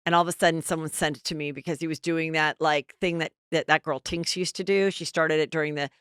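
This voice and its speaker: Chatty low-voiced woman podcast host. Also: quick pace, clear, resonant tone, no echo, studio quality. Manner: chatty, animated storytelling. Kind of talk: casual chat.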